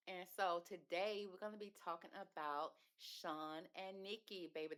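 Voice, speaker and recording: Sassy chatty woman, lowish voice. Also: a bit bright. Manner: sassy, chatty, calls viewers baby. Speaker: reality TV commentator host. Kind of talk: casual recap commentary.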